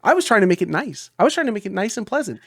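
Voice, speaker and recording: A man's voice: sits high, rapid-fire, no room sound, studio quality. A young man on a podcast, casually telling a long story and acting out what people said. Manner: animated storyteller, acts out quotes, laughs often. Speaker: podcast co-host.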